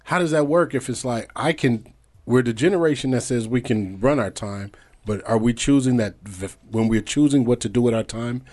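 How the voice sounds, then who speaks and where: A man's voice: medium pitch, moderate pace, darkish tone. A man in his forties hosting a casual panel talk, posing questions and murmuring agreement. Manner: questioning, lots of affirming murmurs. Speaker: podcast host.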